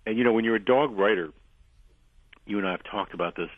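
A man guest on a radio show telling long anecdotes in a rambling way, losing his voice and clearing his throat often. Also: lowish voice, quick pace, no room sound. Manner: rambling anecdotal storyteller, frequent restarts. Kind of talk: radio interview, storytelling. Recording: dry narrow phone-line sound.

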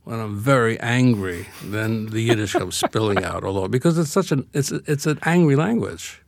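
An older man with a lowish, creaky voice talks at a moderate pace in an animated way, captured in a dry recording. He's a Brooklyn-born author being interviewed conversationally, reflecting wryly and laughing readily.

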